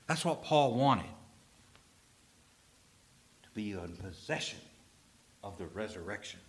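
A man from Texas, a preacher delivering an emphatic sermon and slowing down to stress key phrases. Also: on the low side, lively intonation, slight background noise.

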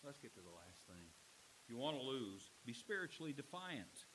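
A man's voice: medium pitch, sing-song, moderate pace, a bit bright, slight background noise, poor audio. A man preaching a sermon as pastor, telling stories and building to emphatic warnings. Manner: storytelling preacher, rising to emphatic exhortation.

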